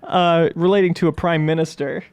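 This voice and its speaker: A man's voice: a little high, little pitch movement, a little fast, darkish tone, smooth, no room sound. A man hosting a casual gaming podcast and reading listener emails aloud, laughing often. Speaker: podcast host.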